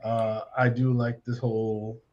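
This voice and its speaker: A man's voice: medium pitch, flat delivery, measured pace, dull audio. A young man co-hosting a podcast, chatting in a laid-back, slangy way and playfully quoting characters. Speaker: podcast co-host. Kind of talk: casual chat.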